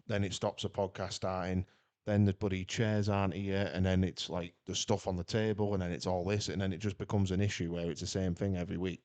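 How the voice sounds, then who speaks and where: A man talking loosely on a podcast, his voice low and warm. He rambles and jumps between thoughts, with plenty of energy. The sound is dry and close to the mic. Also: no room sound. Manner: rambling, animated, chatty. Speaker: podcast co-host. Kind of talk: casual chat.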